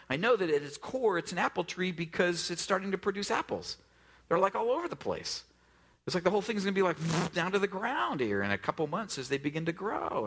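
Lively, joking man preaching a sermon. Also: high-pitched, vocal fry. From US West Coast. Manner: conversational, jokey storytelling with many fillers; acts out quoted voices, drops to a hush for emphasis. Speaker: pastor.

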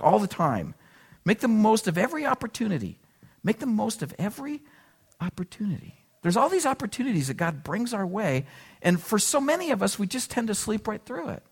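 A male pastor preaching a sermon to his congregation in a casual, conversational way, full of asides and rhetorical questions. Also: on the high side. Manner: conversational, animated, frequent "like" and "right?".

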